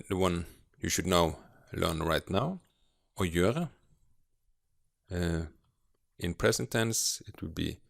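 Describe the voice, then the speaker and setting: A man giving a video grammar lesson as a teacher, explaining slowly and patiently with frequent hesitations. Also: deep voice, gravelly, no room sound, studio quality. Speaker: language teacher.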